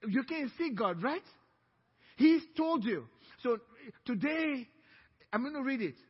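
A man's voice: very high-pitched, expressive, a little slow, slightly rough, big-room sound, muffled recording. A man preaching as a pastor, with emphatic delivery that draws the congregation in to repeat lines after him. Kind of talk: sermon. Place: church sanctuary.

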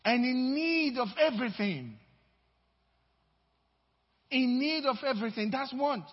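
A male pastor preaches a sermon in a church sanctuary, recorded with a dull, reverberant hall sound. He speaks a little slowly with a breathy edge, emphatically alternating between loud declarations and low asides.

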